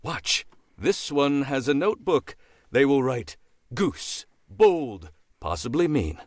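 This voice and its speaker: A man voicing a calm, wise old male crow who speaks in wry, lofty remarks. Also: mid-range voice, slow pace, no echo, studio quality, pitched above the performer's own voice.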